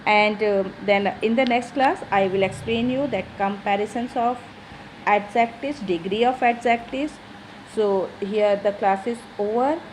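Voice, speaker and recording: A woman's voice: mid-range voice, measured pace, slight background noise, low-quality recording. A woman teacher, explaining grammar to schoolchildren in an online class, repeating each example sentence. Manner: addresses pupils directly as children.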